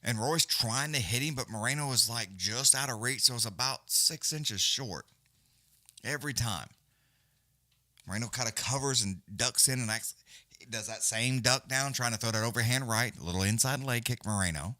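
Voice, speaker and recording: A man's voice: medium pitch, normal speed, pushed and bright, no room sound, studio quality. A man giving loose, profane, casual live fight commentary as a companion-stream host. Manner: profane, blunt, loose, Southern-leaning slang.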